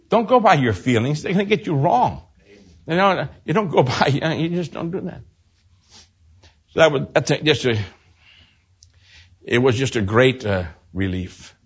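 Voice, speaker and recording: Older male preacher, husky, dramatic loud-to-hushed delivery, muffled lo-fi recording. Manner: dramatic swings from loud exclaiming to low hushed storytelling. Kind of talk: sermon with personal story.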